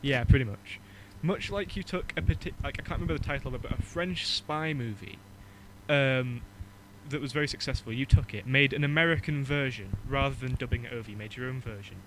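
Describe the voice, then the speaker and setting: A man with a mid-pitched voice chats casually on a podcast. He laughs often and tosses out quick joking asides. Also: fairly bright tone, a little hiss or hum, low-quality recording. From England. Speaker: podcast co-host. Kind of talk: casual chat.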